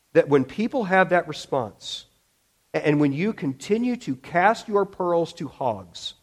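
A man preaching a sermon, speaking emphatically with frequent restarts and acting out quotes. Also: a little high. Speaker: pastor.

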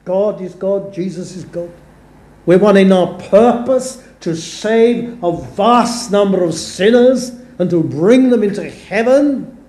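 In an echoey chapel, a man preaches a sermon with earnest conviction, lending weight to the scripture he quotes. His voice sits high with a dark tone, and he speaks slowly with lively intonation.

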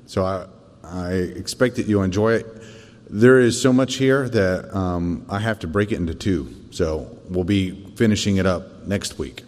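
A man teaching a church Bible lesson in a thoughtful way, often pausing on fillers and restarting. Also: low voice, darkish tone, big-room sound. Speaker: Sunday school teacher.

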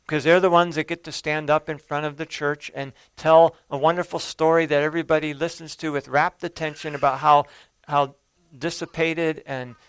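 A male preacher delivering a sermon, telling the story earnestly and swelling for emphasis before falling quiet. His voice is smooth and clear, and the sound is dry and close. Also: on the high side, dry recording. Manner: earnest storytelling, with rising emphasis and soft drops.

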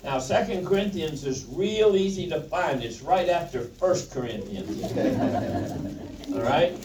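Brief: male preacher teaching from the Bible, slow and folksy, heard from far off in a church hall. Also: fairly high pitch, expressive, background noise. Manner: folksy, joking, asks the congregation questions. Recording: roomy, from a distance.

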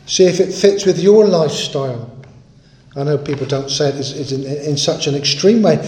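A man's voice: a little high, moderate pace, darkish tone. Earnest preacher man in an echoey room. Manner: earnest, emphatic, repeats key phrases. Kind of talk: sermon.

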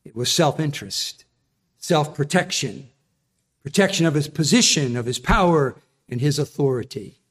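A man's voice: fairly high pitch, animated, moderate pace, fairly bright tone, breathy edge. A man preaching a sermon in an earnest, emphatic, explaining manner.

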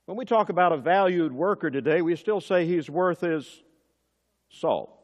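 A man's voice: animated, normal speed. Emphatic preacher man in a reverberant hall. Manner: emphatic preaching with sudden rises in pitch and force. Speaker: pastor. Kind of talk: sermon.

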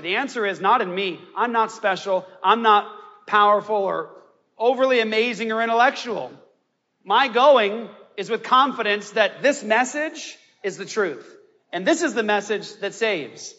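High, bright impassioned preacher man. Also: measured pace. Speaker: pastor. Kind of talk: sermon. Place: church sanctuary. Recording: lo-fi recording in a large reverberant church hall.

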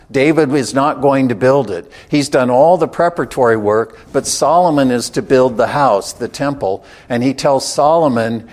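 A man preaching a sermon in a measured, emphatic way, slowing down to stress key phrases. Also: mid-range voice, a little mellow.

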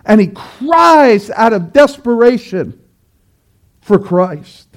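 A male pastor preaching a sermon to his church with emphatic delivery, rising to loud pleading cries. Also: high voice, big pitch swings, takes it slowly.

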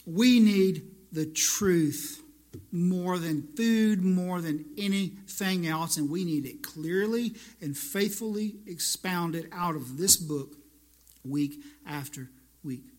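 A man's voice: high-pitched, slow pace, darkish tone. A male pastor delivering a conversational sermon that builds into emphatic, repeated lines. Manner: conversational preaching, rising to emphatic repetition.

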